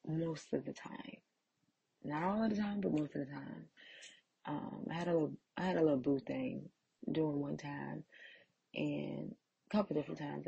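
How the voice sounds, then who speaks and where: A woman speaks slowly and candidly, giving a faith-based personal testimony with self-deprecating honesty. Her voice is gravelly and very husky, and the recording is close and dry. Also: low voice, warm tone, no room sound, low-quality recording.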